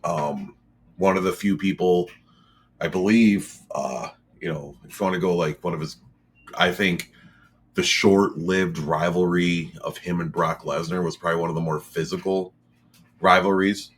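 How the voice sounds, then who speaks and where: A man's voice: low voice, steady tone, normal speed, a little hiss or hum. A man talking casually in a podcast chat, rambling with lots of fillers and restarts.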